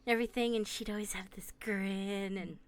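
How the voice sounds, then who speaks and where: Woman, mid pitch, emotional chatty storytelling, casual podcast chat, home studio. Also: steady tone, normal speed. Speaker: podcast co-host.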